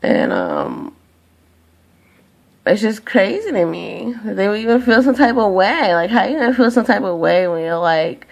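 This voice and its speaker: Gravelly young woman ranting, profane. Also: medium pitch, sing-song, normal speed. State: tired. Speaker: vlogger. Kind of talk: venting monologue to camera.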